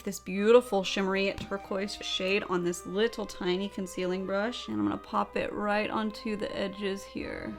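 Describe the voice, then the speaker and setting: A woman's voice: mid-range voice, steady tone, normal speed, hardly any pauses, soft background music. A young woman narrating a makeup tutorial, bubbly and chatty, with playful sound effects as she works. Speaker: beauty vlogger.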